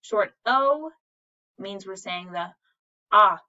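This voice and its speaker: Woman teacher going over syllables, bright voice, kinda muffled lo-fi screen recording. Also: mid-range voice, lively intonation. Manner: slow, clear, sounding words out syllable by syllable. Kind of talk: recorded reading lesson for students.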